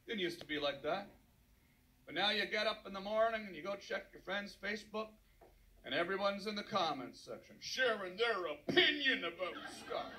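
A man performing a stand-up comedy set, ranting in mock anger and shouting his punchlines. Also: sits high, animated, moderate pace, noisy background. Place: live comedy venue.

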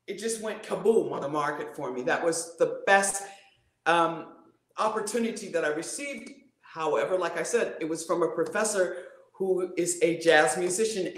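An animated woman voice coach who talks as a guest on a live-streamed interview, playful and showing points with her own voice. Her pitch leaps high and drops low all the time. The room around her rings with echo.

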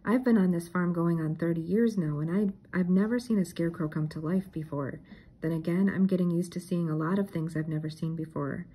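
A woman's voice: on the low side, fairly quick, mellow, breathy edge, poor audio. A woman reading aloud and voicing a grumbling older male farmhand who complains constantly. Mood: worried.

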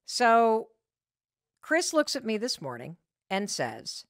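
A woman hosting a podcast talks with a very lively, swooping pitch, animated and frank as she tells a story against herself. Her voice is close and dry, with no room sound. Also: takes it slowly, no echo. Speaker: podcast host. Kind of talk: motivational podcast talk.

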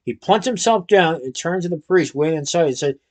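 A man narrating a children's story in an expressive storytelling manner. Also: a little high, a little fast. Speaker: audiobook narrator. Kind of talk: scripted narration.

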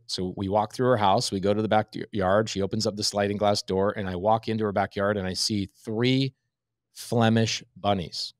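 Man, 30s, lower voice, dry close sound; animated storyteller who acts out the dialogue. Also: fairly quick, dry recording. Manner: lively anecdotal, acts out quoted dialogue. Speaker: real estate investor guest. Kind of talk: animated storytelling in a podcast interview.

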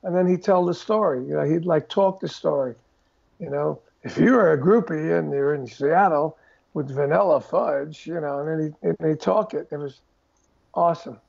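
A very gravelly older man, high for a man, tells stories in a relaxed interview. He throws himself into them, putting on the voices of the people he describes. The recording sounds dull and muffled. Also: moderate pace. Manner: animated storyteller who acts out quoted voices. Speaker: guest drummer telling stories. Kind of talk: casual storytelling interview.

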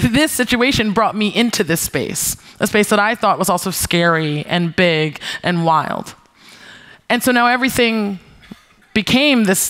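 Bright, crisp-voiced woman telling stories. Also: medium pitch. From New York, USA. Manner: lively, swearing, acts out her own quoted retorts. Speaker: keynote speaker, founder. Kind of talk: conference talk, storytelling. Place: stage before an audience.

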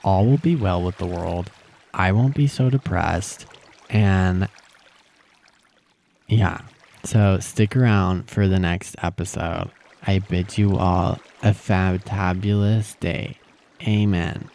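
A young man commentating his own video game play, excitable, gasping and squealing at the animals he finds. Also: low voice, slow pace, creaky, a little hiss or hum. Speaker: gaming channel host. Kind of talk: gameplay commentary.

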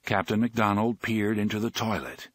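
A man reading a novel aloud as an audiobook narrator, in an expressive, dramatic way. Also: fairly low pitch, moderate pace, no room sound.

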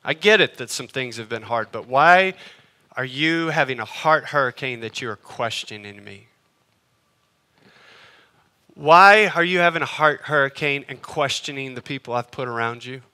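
A man voicing God as a hushed, gently questioning presence in a sermon. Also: animated, normal speed. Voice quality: soft, hushed, low. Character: quiet, searching voice of God.

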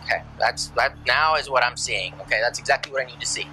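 Fast-talking male police officer on a noisy roadside. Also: medium pitch. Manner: patient, repetitive instructions. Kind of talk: roadside sobriety test instructions. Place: roadside at night.

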